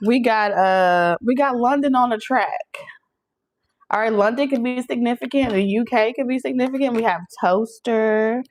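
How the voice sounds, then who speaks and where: A woman giving a casual channeled tarot reading, talking straight to her viewers in an animated, preachy way and laughing often. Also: a little high, moderate pace, a little hiss or hum, rough recording. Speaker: tarot reader.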